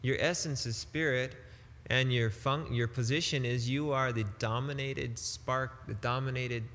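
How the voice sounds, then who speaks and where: A man giving a devotional sermon as a spiritual teacher, emphatic and deliberate, with casual turns of phrase. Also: medium pitch, fairly even intonation, fairly bright tone, long reverb tail.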